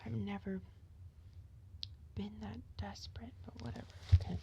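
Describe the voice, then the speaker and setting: A woman's voice: medium pitch, flat delivery, moderate pace, creaky, long pauses, warm tone, muffled recording, a little hiss or hum. A tired woman venting in a rambling, profane rant that often drops to a whisper.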